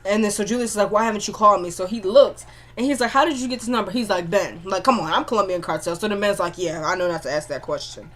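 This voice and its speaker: A woman's voice: medium pitch, fast talker, hardly any pauses, fairly bright tone. Chatty woman recapping a TV episode. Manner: chatty retelling that acts out the characters' dialogue in quotes; frequent filler "like" and running asides to viewers. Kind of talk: casual spoken recap of a TV episode.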